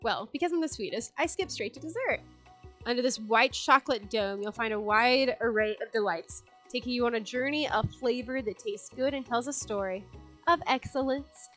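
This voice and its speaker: A woman's voice: a little high, moderate pace, a bit bright, soft background music, close to an everyday voice. A woman voicing a smug, sugary young female rival chef in a video game, speaking in a boastful, saccharine way.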